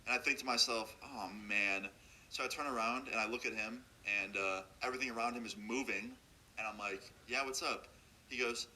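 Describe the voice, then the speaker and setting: A young man with a lowish but bright, forceful voice tells a story in a relaxed, slangy way and acts out the dialogue himself. A faint noise sits under the recording. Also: brisk, rough recording. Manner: laid-back slangy retelling, acting out both sides of the dialogue. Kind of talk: casual storytime narration.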